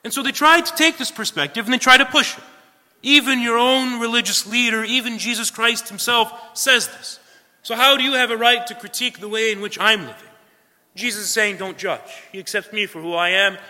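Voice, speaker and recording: A man's voice: high-pitched, pushed and bright. A man preaching a sermon in an earnest way, repeating his points and checking in with his listeners. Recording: long hall reverb.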